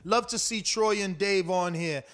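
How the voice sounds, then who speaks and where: High-voiced profane livestream host. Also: male voice, a little slow, fairly bright tone. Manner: loose, profane, rambling and emphatic. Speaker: boxing podcast host. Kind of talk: casual livestream chat.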